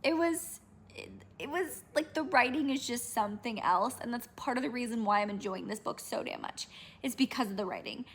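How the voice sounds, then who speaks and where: A young woman, chatting casually in a reading vlog, animated and rambling, swearing often. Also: fairly high pitch, fairly quick. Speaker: book vlogger.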